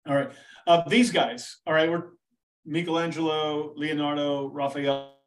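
Man, teacher, casual rambling monologue, fairly high voice, slightly distant from the mic. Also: a little slow. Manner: animated, rambling, full of "right?" and "okay". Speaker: teacher hosting a history podcast.

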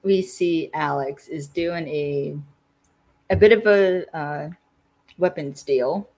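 A woman's voice: low-pitched, slow pace, mellow. A woman hosting a casual podcast, recapping a TV episode in a chatty way, laughing often and sounding a little tired. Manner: chatty, laughs often, trails off mid-sentence. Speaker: podcast host.

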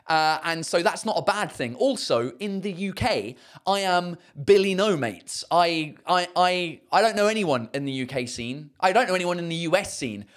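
A man's voice: high-pitched, expressive, moderate pace, few pauses, a bit bright. A man with a southern English accent, a stand-up comedian chatting casually and answering viewers' comments in a self-mocking way. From England. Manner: chatty and self-mocking, many fillers and restarts.

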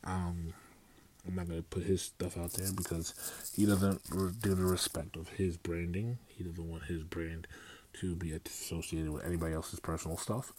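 A man's voice: deep voice, level tone, normal speed, a little mellow, slight background noise. A young man rambling through a casual solo podcast, with many fillers and restarts. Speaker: podcast host.

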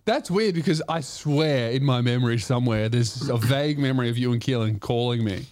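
A man's voice: medium pitch, fairly quick, darkish tone. A man hosting a comedy podcast, telling rambling stories, swearing freely and teasing his co-host. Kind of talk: casual comedic chat.

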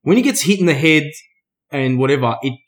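A man's voice: on the high side, sing-song, brisk. A man co-hosting a podcast in casual banter, blunt and teasing, with plenty of swearing. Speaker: podcast co-host.

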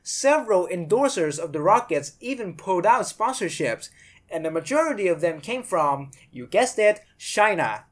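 A woman hosts her podcast with opinionated commentary that is blunt and sarcastic, and she swears freely. Her voice sits fairly low. Her pitch swings widely. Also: big pitch swings, normal speed. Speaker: podcast host.

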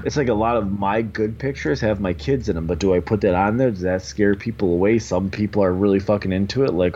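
Rambling, swearing man, low and dull. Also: a little fast, hardly any pauses, warm tone, slight background noise. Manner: rambling, heavy swearing, lots of fillers. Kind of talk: casual podcast chat. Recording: dull lo-fi recording.

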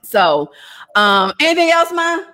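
High-voiced woman telling a lively story. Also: a little slow. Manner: animated, laughing, acts out dialogue. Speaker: vlogger telling a family story. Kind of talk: casual storytelling.

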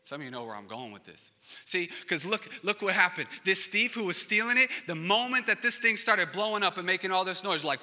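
A man in his thirties preaches to a congregation with a bright, forceful voice that sits a little high for a man. He tells stories with animated, acted-out voices and moves between loud peaks and near-whispered passages. His words carry a long reverb from a large church hall. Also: fairly quick. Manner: animated storytelling, acts out panicked voices, swings from loud to hushed. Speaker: pastor. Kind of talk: sermon.

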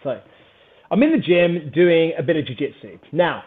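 A man, a podcast guest, telling a story in a casual, animated, self-mocking way and laughing often. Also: fairly high pitch, normal speed. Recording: phone-like narrow band.

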